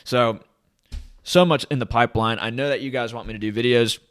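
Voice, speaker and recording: A man hosts his own vlog, talking straight into a desk camera. He rambles from point to point with loud, eager enthusiasm. His voice sits at an ordinary middle pitch. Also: fairly even intonation, brisk, clear, resonant tone. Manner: rambling, enthusiastic, hype-driven. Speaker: crypto channel host.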